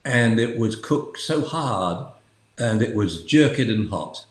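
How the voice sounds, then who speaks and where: A man's voice: fairly low pitch, lively intonation, slow, reverberant. An older man chatting wryly on a casual live video call, telling stories with a dry sense of humor. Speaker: dog trainer and show regular.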